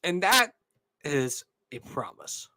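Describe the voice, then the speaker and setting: Slow, emotional young man, bright voice. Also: a little high, big pitch swings. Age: 20s. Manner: earnest, repeats "all right?". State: emotional, tearing up. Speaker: channel host. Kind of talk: casual monologue to viewers.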